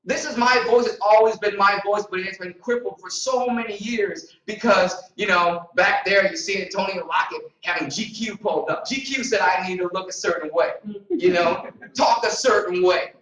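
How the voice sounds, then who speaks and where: A man giving an energetic, repetitive motivational seminar talk to a group in a meeting room. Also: high voice, moderate pace. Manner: energetic, repetitive, preacher-like emphasis. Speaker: motivational trainer. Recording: echoey room, distant mic.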